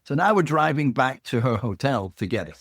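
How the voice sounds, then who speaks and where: A man's voice: medium pitch, a little fast, husky, no echo, clean studio sound. A man telling a long personal anecdote as a podcast guest, acting out the people he quotes and checking in with "right?". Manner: animated anecdote teller, acts out quotes, tags lines with "right?". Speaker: guest author. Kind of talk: storytelling in a podcast interview.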